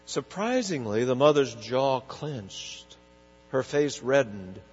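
A male pastor preaching a sermon, telling a story in an earnest way with pauses. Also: mid-range voice, big pitch swings, darkish tone, breathy edge. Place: large church sanctuary. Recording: echoey hall with dull, humming sound.

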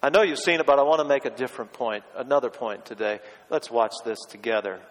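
A male pastor preaching a sermon, pressing hard on key words and dropping to a hush for quotes. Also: medium pitch, fast, in a large hall, poor audio. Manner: emphatic, swinging from loud stresses to hushed quotes.

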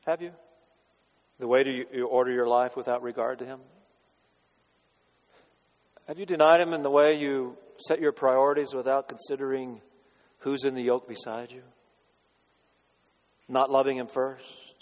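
A man delivers a sermon in a church sanctuary, his voice carrying a long reverb through the hall. He pitches in a middling range and moves between forceful declarations and quiet, pointed questions to the congregation. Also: steady tone, normal speed, pauses often. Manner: dramatic, swinging from loud declarations to hushed rhetorical questions. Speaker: pastor.

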